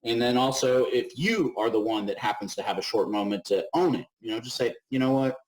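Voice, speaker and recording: A middle-aged man co-hosting a webinar over a video call, talking in an animated way, acting out little voices and often asking "right?". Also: medium pitch, fairly quick, a little hiss or hum, rough recording. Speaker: webinar co-host. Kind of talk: casual webinar talk.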